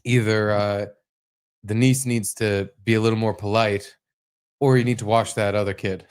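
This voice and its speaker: A man's voice: steady tone, normal speed, darkish tone, clear, resonant tone. A man in his thirties co-hosting a podcast, telling casual stories in a loose, rambling way. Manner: loose storytelling, mimics his toddler in high voices. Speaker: podcast co-host. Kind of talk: casual chat.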